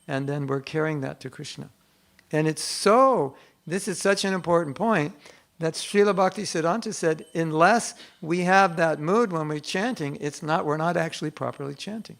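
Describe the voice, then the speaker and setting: An older man giving a devotional class, earnest and conversational, softly acting out quoted prayers. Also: fairly high pitch, gravelly. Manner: earnest and conversational, acts out quotes in soft hushed tones. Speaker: spiritual teacher giving a class.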